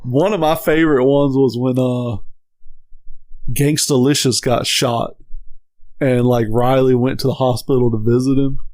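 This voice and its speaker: A man chatting casually as a podcast co-host, his voice sitting in the middle range. He swears freely and retells cartoon bits with quick squeaky put-on voices. The recording is close and dry, with no room sound. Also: steady tone, a little mellow, no echo. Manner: swears a lot, acts out cartoon scenes with high voices. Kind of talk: casual chat.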